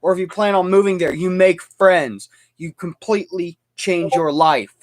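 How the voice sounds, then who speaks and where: Speaking at a moderate pace in a high-pitched voice, a young adult livestream host from the United States goes on a heated rant. He repeats himself and keeps tripping over his words and starting again.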